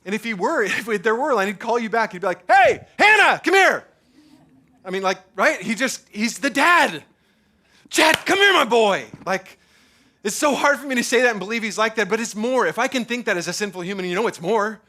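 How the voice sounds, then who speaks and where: A male pastor delivers a sermon at a church service, his voice pitched high and bright. He talks in an animated, casual way, stacking fillers and repeating himself as he goes. He sounds like a man in his thirties or forties. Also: fast, hardly any pauses.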